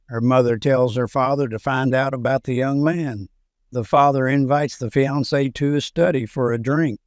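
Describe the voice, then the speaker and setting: A man's voice: mid-range voice, fairly even intonation, moderate pace, no echo. Man reading jokes in a dry recording. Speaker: joke narrator. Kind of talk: scripted joke narration.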